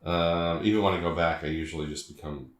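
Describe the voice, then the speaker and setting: A man's voice: low-pitched, fairly even intonation, quick pace, echoey room. A man from the Southern United States, co-hosting a podcast in casual chat, rambling and trailing off into fillers. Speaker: podcast co-host.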